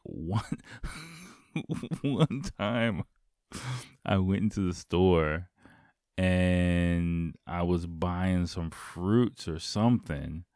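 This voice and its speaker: Deep-voiced man rambling through a story. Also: darkish tone, no room sound, clean studio sound. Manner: rambling, filler-heavy, swears casually. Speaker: podcast host. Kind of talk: casual storytelling monologue.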